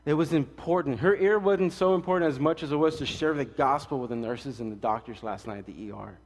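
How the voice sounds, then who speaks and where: A male pastor delivers a casual, fast-paced sermon full of jokes and stories, swinging from loud, emphatic lines to quiet asides. His voice is on the high side, and the sound carries the feel of a big room.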